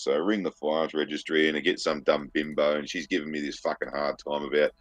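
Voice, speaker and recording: A man's voice: very deep voice, fast, few pauses, no echo. An Australian man telling a long story in casual chat, heavy on swearing and mimicking the people in it. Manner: sweary, animated, mimics other people's voices. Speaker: podcast co-host.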